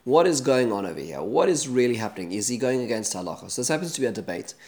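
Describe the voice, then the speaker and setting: A male teacher talks through a Bible passage in an easygoing lesson. He uses Hebrew terms and often restarts his sentences. His voice sits at an ordinary middle pitch. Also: sing-song, fast talker, a little mellow. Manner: conversational retelling with many restarts and Hebrew terms. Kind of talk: Torah study lesson.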